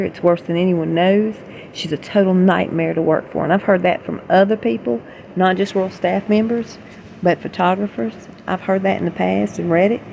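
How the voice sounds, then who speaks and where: A woman's voice: fairly low pitch, gravelly, mellow, a little hiss or hum, low-quality recording. A woman vlogger reading gossip articles aloud and breaking off into chatty, opinionated, rambling asides.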